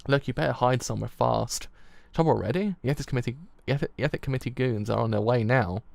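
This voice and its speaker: A man reads aloud as a worried schoolboy who rushes his warnings. The voice stays close to the reader's own, gravelly and dry. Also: mid-range voice, dry recording, close to an everyday voice. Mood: urgent.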